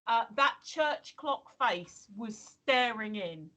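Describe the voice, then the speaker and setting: A woman's voice: a little high, animated, slow pace, a bit bright, rough recording. A woman, co-hosting a casual livestream chat and telling rambling stories full of ums and restarts. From England. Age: 50s. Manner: chatty storyteller, lots of ums and restarts. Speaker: co-host. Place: home, streaming.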